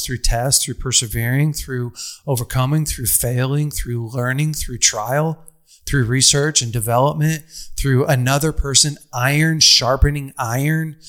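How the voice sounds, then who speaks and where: Man, fairly high voice, conversational sermon, stacks phrases into lists. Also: a bit bright. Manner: conversational, repetitive lists, casual fillers. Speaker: speaker addressing an audience. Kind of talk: motivational sermon.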